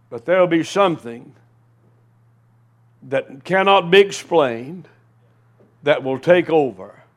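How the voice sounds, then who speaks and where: A man preaching a sermon as pastor, swinging from loud emphatic calls to quiet storytelling. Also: high-pitched.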